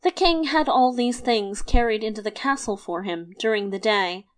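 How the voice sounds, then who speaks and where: A woman narrating a fairy tale in a lively, expressive storybook reading. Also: a little high, normal speed.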